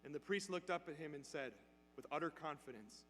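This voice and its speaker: A man's voice: fairly high pitch, fairly quick, a bit bright, faint music behind. A man giving a homily in a church, telling a story in a conversational way and acting out the dialogue. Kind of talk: storytelling sermon. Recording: long church reverb, faint hum.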